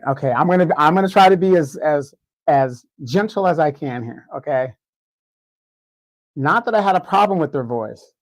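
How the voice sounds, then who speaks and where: A man's voice: fairly high pitch, no echo, low-quality recording. A man co-hosting a live show, giving his opinion in a casual way, repeating words as he builds his argument, with features. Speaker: co-host.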